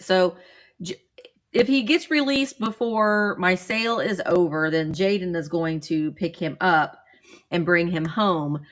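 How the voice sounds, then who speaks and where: A woman's voice: on the low side, fairly bright tone. Chatty woman, livestream host, loose rambling talk with viewers. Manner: chatty, greets viewers by name, rambling with restarts. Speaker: vintage seller livestream host. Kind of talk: casual livestream chat.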